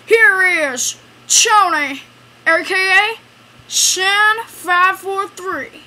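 A woman's voice: very high-pitched, extremely slow, sharp tone, a little hiss or hum. A woman hosting a homemade talent show skit, rambling playfully with many fillers and self-corrections.

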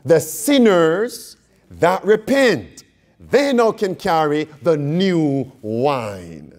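A man's voice: fairly high pitch, very animated, drawn-out words, a little mellow. A man preaching an interactive Bible study, quizzing his audience and repeating key phrases for emphasis. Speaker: preacher teaching a Bible class.

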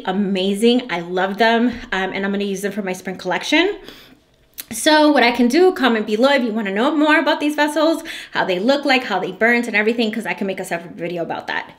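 A woman who makes candles and hosts her own channel, talking to her viewers in a heartfelt, effusive way. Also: fairly high pitch. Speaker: candle maker and channel host. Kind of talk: casual vlog talk to viewers.

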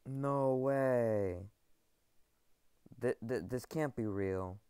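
A man giving excited gameplay commentary to his viewers. He stammers and repeats himself and keeps calling them guys. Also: mid-range voice, extremely slow, clean tone, dry recording, studio quality. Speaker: gaming video creator.

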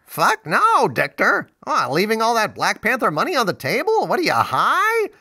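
A man's voice: high voice, huge pitch swings, moderate pace, bright, forceful tone, husky, pitched above the performer's own voice, full character voice. A man voicing a sarcastic, wisecracking male sidekick who mocks bluntly and swears. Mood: mocking. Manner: snarky, mocking, bluntly profane.

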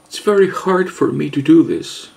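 A man vlogger giving a mock-serious confession, halting and hesitant, earnest and overwrought. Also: a little high, big pitch swings, gravelly, darkish tone. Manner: halting, hesitant, with long pauses.

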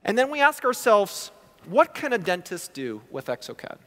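A male prosthodontist gives a conference talk, his fairly high voice swinging widely as he acts out his patients' words. The delivery is lively and conversational. A long hall reverb trails each phrase. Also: normal speed. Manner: animated, acts out patient quotes. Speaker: guest lecturer, prosthodontist.

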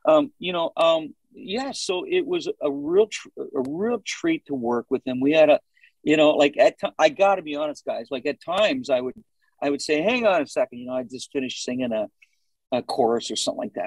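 A man in his sixties chatting in an interview, telling animated stories and acting out what people said. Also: fairly high pitch, a little fast, gravelly, no echo, low-quality recording. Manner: animated storytelling, acts out quoted dialogue. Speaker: singer, interview guest. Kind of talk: casual interview talk.

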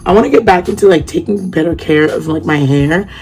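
A woman's voice: lowish voice, fairly quick, creaky, a little mellow, faint music behind. A young woman chatting casually to camera in a vlog at home, rambling with lots of fillers and restarts. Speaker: vlogger. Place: at home, indoors.

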